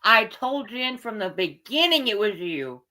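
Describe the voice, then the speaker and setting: A woman's voice: a little high, very animated, a little slow, sharp tone, rough recording. Teasing, emphatic woman co-host. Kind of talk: casual chat.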